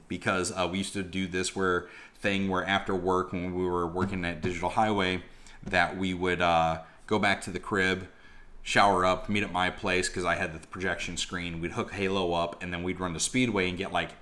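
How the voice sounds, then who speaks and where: Male vlogger, deep voice, loose chatty delivery, lots of ums. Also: a bit bright. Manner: rambling, lots of fillers. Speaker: vlogger reviewing a convention. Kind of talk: casual rambling vlog.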